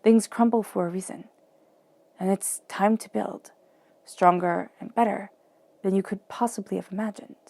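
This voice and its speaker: A woman's voice: medium pitch, fairly even intonation, normal speed, creaky, warm tone, no echo. A woman giving a flowing, encouraging tarot reading, often acting out quoted self-talk. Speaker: tarot reader.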